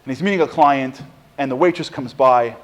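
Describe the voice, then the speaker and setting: A man's voice: mid-range voice, fairly quick. A middle-aged man giving a storytelling sermon, acting out the quotes and building in intensity as he goes. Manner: animated storyteller, acts out quotes, rising intensity. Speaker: speaker giving a Torah talk.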